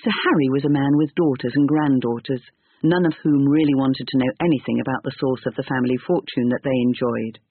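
Man, storybook narrator, measured, expressive, husky, tinny phone-like sound. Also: medium pitch, dry recording. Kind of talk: storybook reading. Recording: tinny narrow-band recording.

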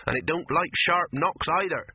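A man voicing a gruff, teasing old male cameraman. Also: a little high, moderate pace, no echo, voice pushed up. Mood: knowing. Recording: tinny phone-like dry recording.

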